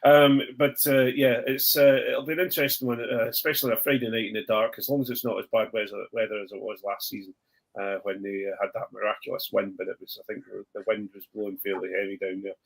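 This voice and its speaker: A man's voice: lowish voice, little pitch movement, fast, creaky. Rambling man hosting a podcast. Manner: rambling, lots of ums and self-corrections. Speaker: podcast host. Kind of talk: casual chat.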